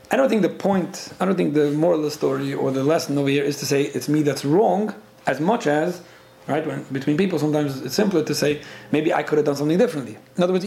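A man gives a Torah class at a rapid clip, in a slightly high voice with a gravelly edge. He often repeats and restarts his words as he explains. He is recorded in an echoey room with faint ambience behind him. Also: darkish tone. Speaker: Torah teacher. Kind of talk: Torah class with listener questions.

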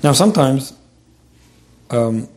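A man giving spoken advice on relationships, stuttering over his sentence starts and filling pauses with "um". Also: mid-range voice, animated, darkish tone. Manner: rapid, repeats words when starting sentences, lots of "um". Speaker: advice speaker answering a listener's question. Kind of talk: advice talk.

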